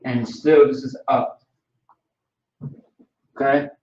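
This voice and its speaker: A man's voice: mid-range voice, slow pace, a little hiss or hum. Guy teaching a class, laid back, lots of "you know" and "right?", sounds far off in a roomy classroom. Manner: relaxed, repeats fillers like "you know" and "right?". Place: classroom, writing on a board. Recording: roomy, distant, dull lo-fi sound.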